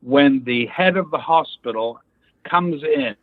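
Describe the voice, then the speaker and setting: An actor guest tells anecdotes in an interview, acting out the people he quotes and swearing casually. His medium-pitched voice takes its time. The recording is dry, with tinny phone-line audio.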